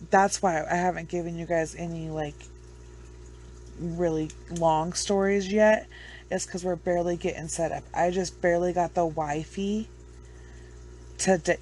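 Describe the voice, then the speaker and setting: A woman's voice: on the low side, darkish tone, slight background noise. A woman with children chatting casually to her viewers, rambling, blunt and swearing freely. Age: adult with children. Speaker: true crime vlogger. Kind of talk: casual chat to camera.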